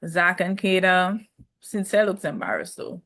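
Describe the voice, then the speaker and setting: A woman's voice: on the low side, very animated, measured pace, fairly bright tone. A woman giving a chatty, gossipy recap of a reality show in casual talk, often laughing. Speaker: reality TV reviewer.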